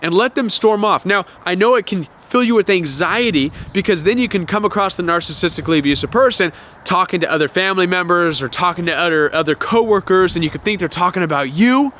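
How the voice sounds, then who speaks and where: A man hosting a self-help talk to camera, animated, often acting out quoted voices and repeating words. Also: sits high, quick pace, a little hiss or hum. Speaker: self-help video host.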